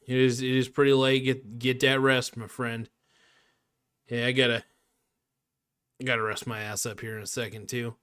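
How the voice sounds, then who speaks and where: A man's voice: medium pitch, level tone, normal speed, long pauses, a bit bright, clean tone. A man hosting a casual live stream, talking in a laid-back, joking and rambling way, swearing now and then.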